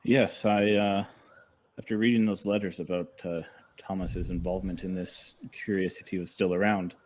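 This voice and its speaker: A man's voice: low-pitched, fairly even intonation, normal speed. A man player in a tabletop game, speaking hesitantly in character and thinking aloud.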